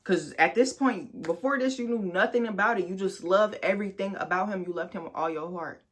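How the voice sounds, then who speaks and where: A young woman recounts a painful chapter of her life on her vlog, swearing freely and addressing viewers as if they were friends. When she is indignant her voice jumps high and loud. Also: a little fast. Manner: candid, profane storytelling that addresses viewers directly; bursts into loud, high outbursts when outraged. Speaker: vlogger. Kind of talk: storytime vlog.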